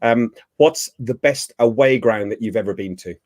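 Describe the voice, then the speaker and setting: A man's voice: medium pitch, normal speed, a little mellow, dry recording, studio quality. A man hosting a casual football podcast, putting easygoing questions to his guests. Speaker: podcast host. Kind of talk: casual chat, asking questions.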